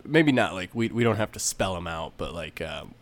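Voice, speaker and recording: A man in casual chat, hesitant and full of fillers and restarts as he pitches ideas. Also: lively intonation, normal speed.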